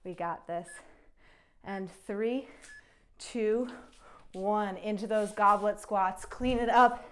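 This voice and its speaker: A young woman with a medium-pitched voice speaks slowly as a fitness instructor. She's out of breath while guiding a follow-along kettlebell session, encouraging people as she counts down each set of reps.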